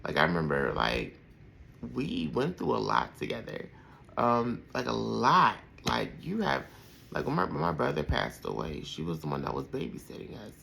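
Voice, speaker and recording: A man in his thirties speaks with a deeply gravelly, creaky voice, his pitch rising and falling in a lively way. He talks through personal memories with heartfelt warmth, rambling and full of fillers. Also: moderate pace, a little hiss or hum, poor audio. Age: 30s. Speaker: podcast host. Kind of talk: personal reflective storytelling.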